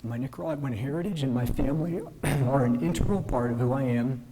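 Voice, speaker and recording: A man giving a measured, earnest formal speech at a ceremony, modest and self-deprecating. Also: medium pitch, crowd noise. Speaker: newly invested justice giving a speech. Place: ceremony hall.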